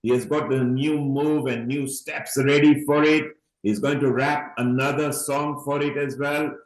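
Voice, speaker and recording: A man's voice: mid-range voice, fairly even intonation, unhurried. Chatty man hosting on an echoey call. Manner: chatty, calls people honey, urges everyone on. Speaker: event host. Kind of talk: casual online event talk. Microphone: video call.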